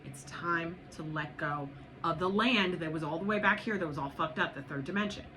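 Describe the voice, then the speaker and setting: A woman's voice: lowish voice, fairly quick, bright, forceful tone. A woman giving a spiritual tarot reading to viewers, blunt and profane, urging and repeating herself. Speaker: tarot reader. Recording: noisy background.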